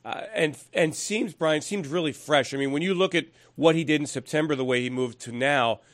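A man's voice: fairly high pitch, brisk, fairly bright tone. A man hosting a studio sports interview, asking questions in a conversational way. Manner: conversational, asks leading questions. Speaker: sports show host.

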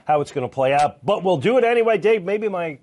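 Husky-voiced man making football predictions. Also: sits high, expressive, darkish tone. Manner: loose, joking predictions with quick asides. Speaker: football analyst. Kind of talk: sports talk show.

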